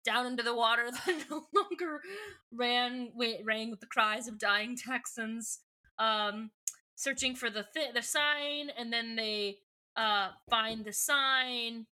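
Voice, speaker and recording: A woman's voice: fairly high pitch, slow, pushed and bright. A woman co-hosting a podcast, casually recapping a book in a rambling way, full of fillers and self-corrections. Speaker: podcast co-host.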